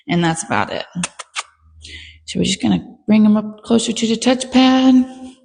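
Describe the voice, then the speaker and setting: A woman dog trainer calmly and patiently explaining her training steps as she works a dog. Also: creaky, roomy sound, in a large hall. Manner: calm, patient explaining, bursts of high praise.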